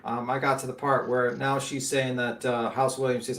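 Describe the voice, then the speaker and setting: A man on an online panel, talking in an animated, rambling way full of "like" and "uh". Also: medium pitch, normal speed. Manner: rambling, animated, with many fillers. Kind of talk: casual online panel chat.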